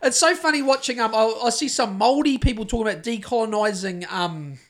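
A man's voice: high-pitched, fairly quick, a bit bright. A man with a New Zealand accent co-hosting a podcast in casual chat, rambling, crude and sardonic, often trailing off and restarting his sentences. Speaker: podcast co-host.

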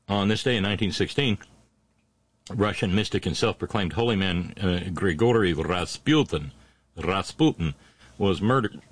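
Low-voiced man, dry satirical host. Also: breathy edge, no room sound. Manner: punning asides and sarcastic jabs; slows down for punchlines. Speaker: host of a daily history segment. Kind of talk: satirical on-this-day commentary.

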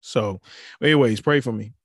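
A man's voice: medium pitch, moderate pace, slightly rough, no room sound. A young adult man hosting a podcast, chatting loosely and rambling with many fillers on a close mic. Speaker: podcast host. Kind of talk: casual chat.

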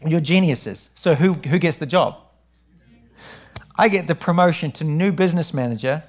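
A middle-aged New man preaching, his voice sitting a little high for a man. He tells his story with lively animation and keeps returning to his message. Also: moderate pace. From New Zealand. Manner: animated storytelling, rising high when excited. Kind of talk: sermon with personal testimony.

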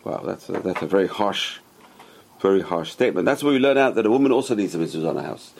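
Gravelly, husky man teaching scripture. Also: sits low, lively intonation, fast talker, darkish tone. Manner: emphatic, repeats key phrases. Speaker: religious teacher. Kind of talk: Torah class lecture.

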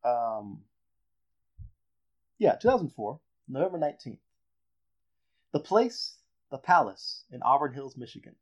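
Guy hosting a sports podcast, mid pitch, builds up his story, kinda dull lo-fi sound. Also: unhurried, long pauses. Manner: animated storyteller, builds up reveals. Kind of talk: casual sports podcast chat. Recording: dull lo-fi audio.

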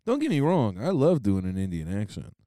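Low, dark, smooth young man joking around. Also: wildly swooping pitch, a little fast, no echo, studio quality. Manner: crude, laughing, acts out quotes in funny voices. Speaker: podcast co-host. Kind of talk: casual comedic chat.

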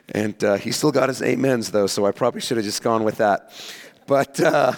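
A man preaching a sermon as a pastor, emphatic, slowing down to stress his key words. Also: medium pitch, vocal fry. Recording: long hall reverb.

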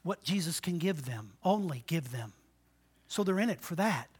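A man in his sixties preaching a sermon, swinging between loud exhortation and quiet, low asides, and calling for amens from the congregation. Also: expressive, normal speed, husky. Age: 60s. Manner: call-and-response with the congregation. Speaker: pastor.

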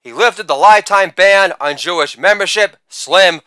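A male comedian doing a crude insult roast, with brash delivery and shouted catchphrases. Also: sits high, normal speed, clear, resonant tone, no room sound.

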